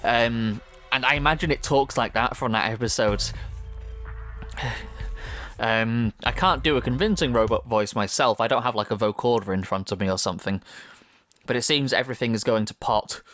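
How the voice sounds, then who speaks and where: A man's voice: medium pitch, normal speed, a bit bright, faint music behind. A man giving chatty, rambling commentary while playing a game. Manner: chatty, rambling, many fillers. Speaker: gaming video host. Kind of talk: let's-play commentary, reading game dialogue aloud.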